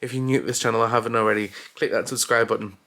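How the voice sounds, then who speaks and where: A man's voice: mid-range voice, steady tone, racing, sharp tone. Chatty, insistent man vlogging. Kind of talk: casual chat.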